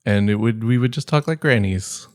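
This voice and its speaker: A podcast co-host chats casually, rambling along with plenty of fillers and restarts. His voice is lowish and somewhat dark, delivered at a normal speed. The recording is dry and sounds like a clean studio.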